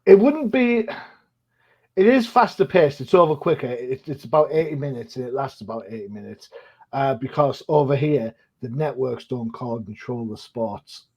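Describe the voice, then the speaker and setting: Chatting casually on his podcast, an older man makes self-deprecating jokes, filling his talk with lots of fillers. His mid-range voice has lively intonation, a moderate pace, a dark tone and a breathy edge, and the recording sounds dull and lo-fi.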